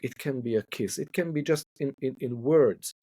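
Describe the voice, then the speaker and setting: A Hungarian couple therapist, speaking English as his second language, talks thoughtfully in a podcast interview and repeats words while he searches for them. His voice is mid-range and husky with a dark tone, delivered at a moderate pace. The recording is dry.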